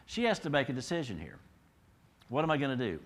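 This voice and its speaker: A middle-aged male pastor delivering an expository sermon at a mid-range pitch. His preaching is conversational, with rhetorical questions put to the congregation. His delivery rises to emphatic peaks and then drops low and quiet. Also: sing-song, quick pace.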